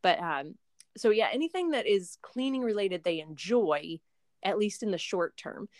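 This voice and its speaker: A young woman talking as an interview guest, a homeschooling mother who rambles happily through her answers with lots of fillers and restarts. Her voice sits at an ordinary pitch and sounds dry and close, with no room echo at all. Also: lively intonation, normal speed. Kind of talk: casual interview chat.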